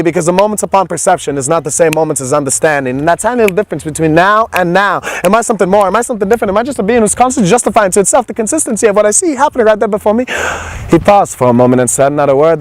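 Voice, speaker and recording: A male traveling storyteller delivers his tale in a rhythmic, theatrical patter. He talks very fast and hardly pauses. His voice sits a little high for a man. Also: dry recording. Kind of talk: spoken-word storytelling performance.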